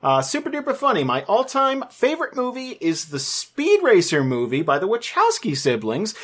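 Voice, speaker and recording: A woman co-hosting a casual podcast chat, rambling through animated stories with lots of fillers and the odd swear word. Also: mid-range voice, moderate pace. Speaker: podcast co-host.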